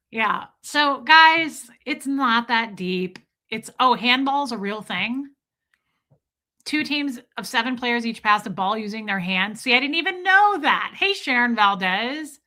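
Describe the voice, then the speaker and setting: A woman's voice: on the high side, animated, slow, sharp tone. A woman hosting a livestream in casual chat with viewers, telling stories freely, laughing and swearing as she goes. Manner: chatty storyteller who laughs and swears freely. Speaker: livestream host.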